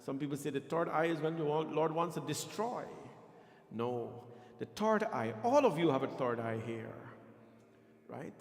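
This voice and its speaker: Playful pandit in an echoey temple hall. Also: male voice, on the high side, animated, unhurried. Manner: playful, quizzes and teases the congregation; coaches Sanskrit pronunciation. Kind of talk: temple sermon with teaching and chanting. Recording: echoey hall with music behind.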